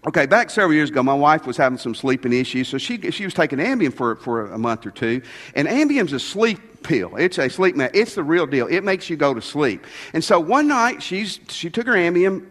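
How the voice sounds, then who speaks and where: A man's voice: fairly high pitch, sing-song, fairly quick, fairly bright tone, big-room sound. A man preaching a sermon as pastor, with folksy, joking asides.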